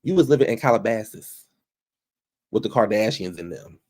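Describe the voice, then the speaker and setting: A man's voice: on the low side, lively intonation, normal speed, darkish tone. A man giving casual commentary, repeating phrases for emphasis and calling out people directly. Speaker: commentary vlogger.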